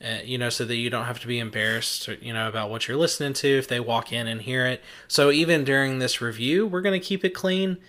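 A man's voice: mid-range voice, a bit bright. A man hosting a casual podcast, chatty and joking as he talks through a movie. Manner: chatty, joking, quick restarts. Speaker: podcast host.

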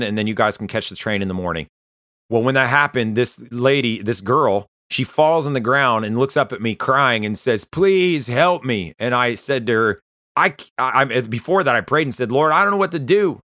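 Man, personal testimony, bright forceful tone, dry close sound, earnest, halting. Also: mid-range voice, no echo. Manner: earnest, halting, many fillers and restarts. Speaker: testimony speaker.

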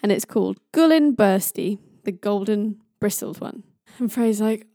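A woman tells a myth in a chatty, playful manner and jokes about stumbling over hard names. Her voice is warm and mellow. It is recorded dry and close to the mic. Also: medium pitch, measured pace, dry recording. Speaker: storyteller. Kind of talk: casual myth storytelling.

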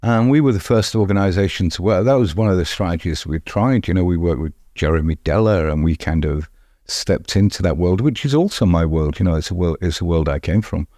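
A man's voice: low-pitched, animated, a little fast, mellow, no echo, studio quality. A middle-aged man, answering in a podcast interview, emphatic and often repeating words as he restarts. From England. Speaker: street art festival founder.

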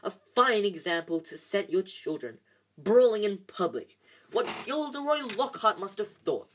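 A reader voicing a furious, sharp-tongued mother who scolds in a high, shrill voice in a storybook reading. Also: very animated, unhurried, a little hiss or hum, low-quality recording. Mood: scolding.

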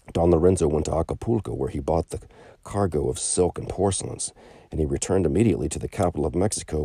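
Deep gravelly storyteller man. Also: dark tone, no room sound, studio quality. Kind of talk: bedtime story narration.

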